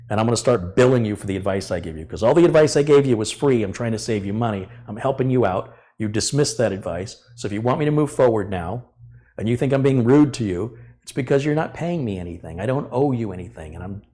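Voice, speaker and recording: A middle-aged man with a somewhat low voice hosts a live tech stream. He talks bluntly and at length, venting about customers. He plays out both sides of their arguments as he goes. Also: darkish tone. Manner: blunt, ranting, acts out customer dialogues. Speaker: tech channel host.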